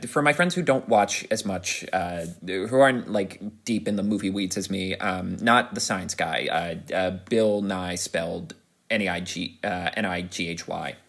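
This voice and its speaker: Husky, animated man gushing in a review. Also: on the low side. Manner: enthusiastic, rambling with frequent restarts and fillers; animated, rising to excited peaks. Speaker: podcast host reviewing a film. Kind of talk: casual spoken review.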